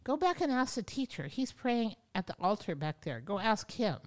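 A woman's voice: mid-range voice, sing-song, moderate pace, close to an everyday voice. A woman voicing a startled young woman at a registration desk who gives directions. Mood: surprised.

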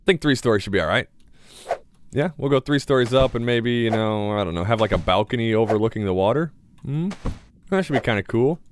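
A man's voice: medium pitch, slight background noise. A young man giving casual gameplay commentary as a gaming YouTuber, chatty and mildly sarcastic as he talks to himself.

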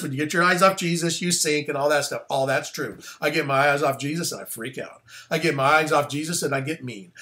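A pastor delivers a loose, conversational sermon, often breaking off for asides. He is a man with a slightly high, bright voice that swings freely up and down. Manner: animated and conversational, with plain slang and asides. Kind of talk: casual sermon.

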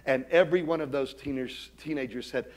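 A middle-aged man delivers a pastor's sermon laced with jokes at his own expense. At medium pitch and a fairly quick pace, he alternates quiet asides with loud, emphatic calls.

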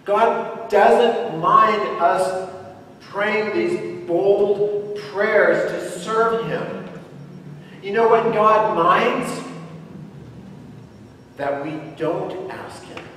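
Emphatic male pastor, unhurried delivery, distant pickup in a reverberant church. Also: sits high, fairly bright tone, a little hiss or hum. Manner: emphatic, asks congregation questions. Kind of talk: sermon. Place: church sanctuary. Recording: echoey church hall from far off.

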